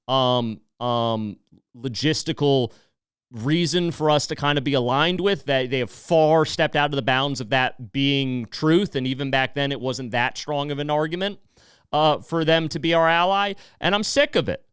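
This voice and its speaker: A man's voice: a little high, a bit bright, clean tone, no echo, studio quality. An American man hosting a political podcast, ranting heatedly and swearing freely. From United States. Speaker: podcast host.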